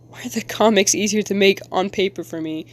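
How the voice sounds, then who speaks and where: A woman's voice: medium pitch, fairly quick. A young woman streamer chatting casually with viewers while drawing, rambling and giggling as she goes. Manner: rambling, giggly, talks to chat. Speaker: live-streaming artist.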